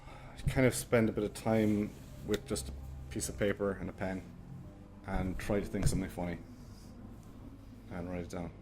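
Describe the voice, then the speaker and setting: A man with a Cork accent, answering interview questions hesitantly with many pauses. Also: low voice, little pitch movement, background noise. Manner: hesitant, lots of ums. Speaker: interviewee, comedian.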